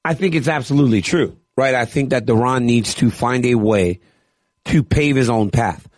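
A man's voice: mid-range voice, normal speed, no echo, clean studio sound. A man co-hosting a sports radio show as a fight analyst, talking in an earnest, reflective way and often asking "right?".

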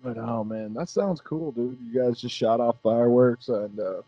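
A laid-back middle-aged man in a casual podcast chat, swearing freely and laughing between stories. His voice sits at an ordinary pitch. The sound is dull and lo-fi with no room echo. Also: normal speed, soft background music. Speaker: podcast host.

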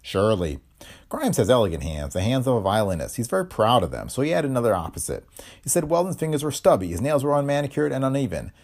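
A man voicing a calm, smug male private detective who explains blandly. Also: mid-range voice, fast talker, voice pushed up.

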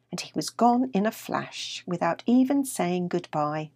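An older woman, the author, reading her children's story aloud in a calm, even way. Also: low voice, normal speed, few pauses, no room sound, studio quality.

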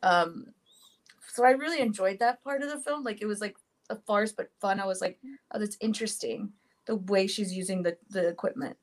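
A woman's voice: medium pitch, brisk, low-quality recording. A woman co-hosting a casual movie podcast, rambling and giggly, often correcting herself as she goes. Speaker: podcast co-host. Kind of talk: casual film discussion.

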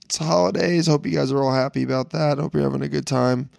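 A young man hosting a casual podcast, hoarse from a lost voice, rambling and joking with plenty of swearing. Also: mid-range voice, steady tone, fast, a little mellow, no echo, studio quality. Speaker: podcast host. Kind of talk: casual solo podcast intro.

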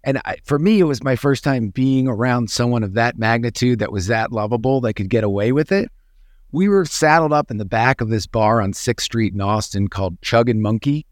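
A man co-hosting a casual chat, telling anecdotes in an animated storytelling manner. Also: medium pitch, brisk, no echo, clean studio sound. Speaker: podcast co-host.

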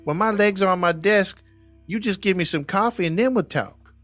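A man's voice: high-pitched, moderate pace, fairly bright tone, faint music behind, voice pushed up. A man doing a put-on Southern accent as a lazy, bossy police sergeant. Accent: put-on American Southern. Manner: bossy, drawling.

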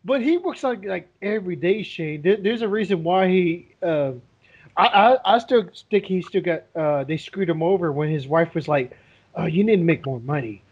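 A man with a high, husky voice co-hosts a podcast in loose casual chat. He rambles, swears freely and breaks into laughter, and the recording sounds dull and lo-fi. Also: moderate pace. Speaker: podcast co-host.

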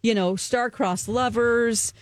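A woman's voice: a little high, takes it slowly, no echo, clean studio sound. Chatty woman recapping a movie. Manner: chatty and animated, lots of ums, acts out the characters. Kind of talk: casual movie recap chat.

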